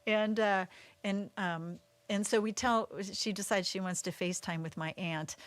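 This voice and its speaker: A woman in an easy, chatty storytelling mode, often breaking into laughter between her phrases. Her voice sits at a middling pitch and sounds close and dry, with no room around it. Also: moderate pace, dry recording. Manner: animated, laughs through the story. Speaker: livestream co-host. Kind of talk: casual storytelling chat.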